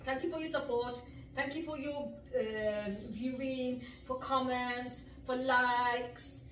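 Here the middle-aged vlogger, living in the UK with Mirpur, Pakistan heritage, takes it slowly in a high, fairly bright voice with a steady tone. She chats casually to camera, laughing often and mixing in Punjabi words. A distant mic in an echoey room picks up a little hiss or hum.

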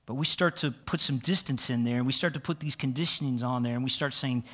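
A man's voice: medium pitch, quick pace, a bit bright. A man preaching a conversational sermon in church, earnest and often restarting his phrases. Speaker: pastor. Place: church sanctuary.

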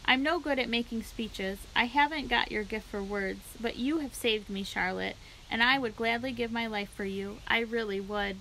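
A woman's voice: fairly high pitch, moderate pace, few pauses, a bit bright, a little hiss or hum, poor audio. A woman voicing a young male pig who is earnest, emotional and pleading, in a storybook read-aloud. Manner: pleading, cries out often.

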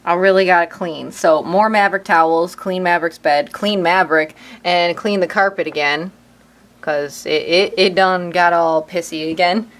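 A woman's voice: fairly low pitch, steady tone, normal speed, a bit bright. A woman vlogging at home in a rambling, upbeat way, using folksy slang. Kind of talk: casual chat to camera.

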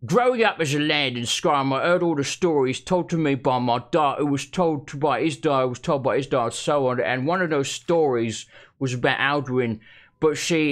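A man's voice: mid-range voice, a bit bright, lightly acted. A man putting on a dim Essex-accented Nord author. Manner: slow rambling lecture in a broad put-on accent. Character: dim-witted boastful male Nord book author. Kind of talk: reading in-game book aloud in character.

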